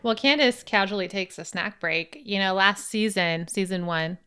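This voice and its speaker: A woman's voice: mid-range voice, normal speed, pushed and bright, smooth, faint music behind. A woman hosting a podcast in casual chat, playful and teasing. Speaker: podcast host.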